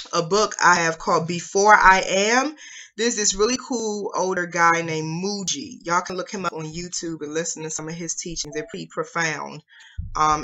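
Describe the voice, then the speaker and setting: A woman telling an analogy in a spiritual talk as co-host of an online women's circle, over a video call. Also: on the low side. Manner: warm affirming, storytelling with acted quotes. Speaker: co-host, womb wellness leader.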